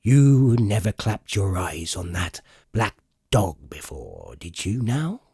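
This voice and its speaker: A man reading an audiobook, voicing a cunning one-legged sea cook in slow, emphatic, gruff pirate talk. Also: fairly low pitch, sing-song, a little mellow, no echo, exaggerated voice. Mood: gruff, commanding.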